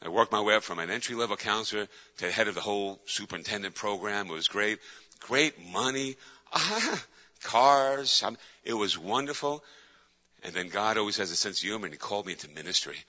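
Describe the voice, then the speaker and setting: A man's voice: on the low side, expressive, fairly quick, pushed and bright. A man, a pastor, preaching a sermon with emphatic repetition. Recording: echoey hall, dull lo-fi sound.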